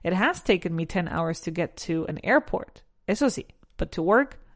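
A woman's voice: on the low side, animated. Woman teaching English drills. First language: Spanish. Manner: drills pronunciation, repeats words slowly, switches between English and Spanish. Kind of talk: bilingual language lesson.

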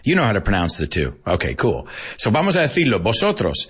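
A man's voice: on the low side, wildly swooping pitch, quick pace, fairly bright tone, slightly rough. A man teaching English as a language lesson, explaining words in Spanish and switching back and forth between the two languages.

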